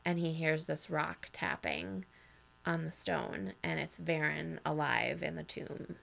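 A woman's voice: deep voice, slow, vocal fry, a bit bright. A woman co-hosting a podcast, casually recapping a TV episode and recounting scenes at length. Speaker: podcast co-host.

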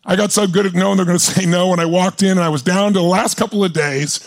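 A man's voice: sits high, steady tone, fast talker. A man in his sixties, a motivational speaker telling a story at a live seminar with passion and intensity, rallying the crowd. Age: 60s. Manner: intense, passionate, rallies the audience.

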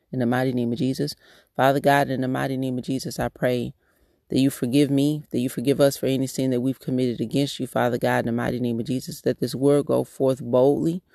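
A man's voice: medium pitch, gravelly, dark tone, no echo, clean studio sound. A man hosting a devotional podcast, praying in a repeated cadence and talking casually with restarts. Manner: repetitive prayer cadence. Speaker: podcast host. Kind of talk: prayerful devotional podcast talk.

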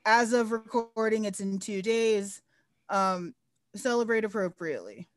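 A woman's voice: mid-range voice, animated, a little slow, no echo. Chatty woman podcast co-host. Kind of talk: casual chat.

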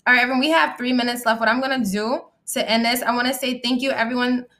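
A woman's voice: on the high side, steady tone, quick pace, bright, forceful tone. A young adult woman hosting a casual live-audio podcast, talking bluntly and candidly and reacting to comments from the chat. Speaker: podcast host and musician.

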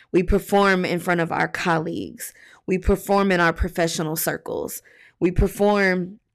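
Tired woman host on her podcast, kinda low voice, talking it out honest, lots of ums and pauses. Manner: frank and reflective, with many pauses and fillers. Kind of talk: candid podcast monologue.

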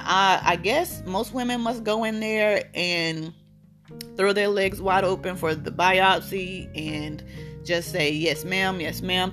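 Candid woman in her thirties telling her story. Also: on the low side. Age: 30s. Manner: candid, emphatic, repeats phrases. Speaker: podcast host. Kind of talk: personal storytelling monologue. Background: guitar music.

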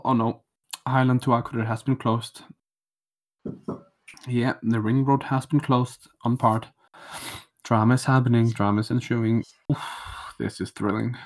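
A man hosting a podcast, talking in a playful, mock-romantic and theatrical way. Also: mid-range voice. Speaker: podcast co-host. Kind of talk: joking podcast monologue. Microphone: studio microphone.

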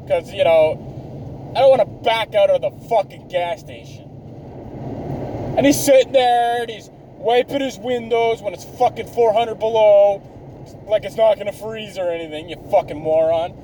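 A high-voiced man in his thirties rants through a solo podcast, swearing at every turn and mocking himself. His tone is dark and mellow. Faint traffic noise hums behind him. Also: normal speed, low-quality recording. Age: 30s. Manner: ranting, swears constantly, self-mocking. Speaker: podcast host. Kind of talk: profane rambling monologue.

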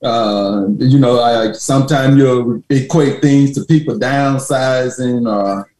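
A man guesting on a podcast as a retired football official, relaxed and joking, with halting starts. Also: medium pitch. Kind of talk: casual podcast chat. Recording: roomy echo.

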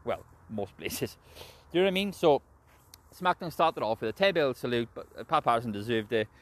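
Mężczyzna z brytyjskim akcentem, który luźno i chaotycznie omawia wrestling, dużo przeklina i często się śmieje. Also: male voice, mid-range voice, expressive, fairly quick, no echo. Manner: heavy swearing, rambling, laughs often. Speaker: wrestling show reviewer. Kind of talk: casual spoken recap and opinion.

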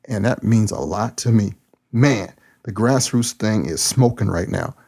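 A man who preaches, hosting his own podcast in a casual solo monologue, talking in a folksy, joking and excitable way. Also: lowish voice, measured pace, slightly rough.

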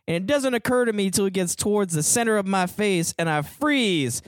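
A man co-hosting a podcast, telling a story in casual chat and shouting the punchlines. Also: high voice, big pitch swings, fast talker, few pauses, no room sound. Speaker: podcast co-host.

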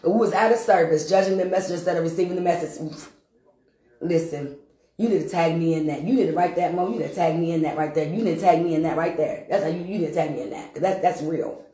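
A woman's voice: on the low side, very fast, dark tone. A woman minister giving her testimony to a congregation, talking emphatically, repeating herself for effect and breaking into laughter. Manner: repetitive, emphatic, bursts into laughter. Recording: roomy echo.

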